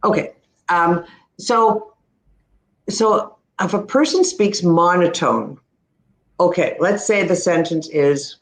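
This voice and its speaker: This is a middle-aged Canadian woman teaching pronunciation, with a crisp, instructive manner. She slows down to model words carefully. Her voice carries a noticeable room echo. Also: fairly low pitch, lively intonation. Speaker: speech-language pathologist.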